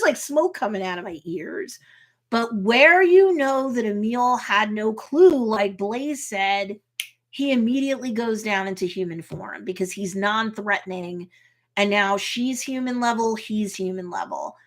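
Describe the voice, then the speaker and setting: A woman attorney chats casually about a TV episode, reacting to it and retelling scenes, often ending her points with "right?" and sprinkling in "like." Her medium-pitched voice is a bit bright and her pace measured.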